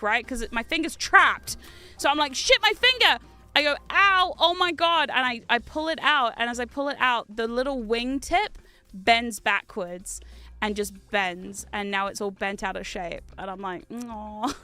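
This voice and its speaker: Woman, 30s, streamer, casual gaming chat, high voice, smooth clear tone, animated storyteller. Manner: chatty, animated storytelling with laughs and swearing. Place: home gaming room.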